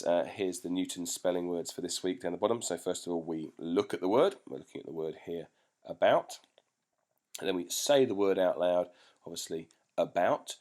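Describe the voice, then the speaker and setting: A man's voice: low-pitched, a little mellow. A male teacher patiently explaining a home routine to parents, step by step.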